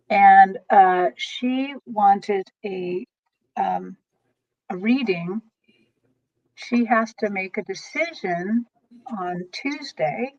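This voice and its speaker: A woman guest telling long, animated stories about readings, rambling and restarting as she goes. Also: medium pitch. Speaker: guest, tarot reader. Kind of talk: storytelling interview chat. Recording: dull lo-fi recording.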